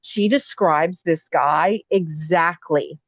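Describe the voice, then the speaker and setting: A woman's voice: low voice, no room sound. Woman telling a ghost story, muffled and dry. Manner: animated, rapid asides with many fillers. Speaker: podcast guest. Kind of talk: casual storytelling. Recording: dull muffled sound, dry.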